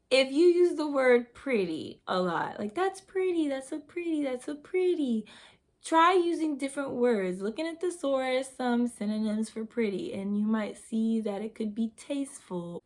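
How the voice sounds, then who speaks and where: A young woman giving lifestyle advice straight to her viewers, talking in an instructive way and calling them "you guys". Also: on the high side. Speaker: lifestyle vlogger. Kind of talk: advice vlog talking to camera.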